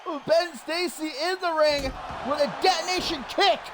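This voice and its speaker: Man, wrestling play-by-play, very high voice, shouting over a loud crowd, noisy recording. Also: moderate pace. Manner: excitable, shouts big moments. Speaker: wrestling commentator. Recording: loud crowd and noise behind. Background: cheering crowd.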